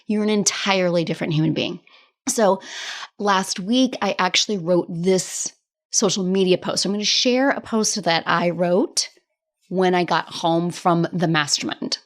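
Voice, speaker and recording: A woman hosting her own coaching podcast, talking casually and directly, with a chatty, animated delivery and frequent laughs. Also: on the low side, a little slow. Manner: tough-love directness, casual swearing. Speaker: podcast host and business coach. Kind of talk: casual solo podcast talk.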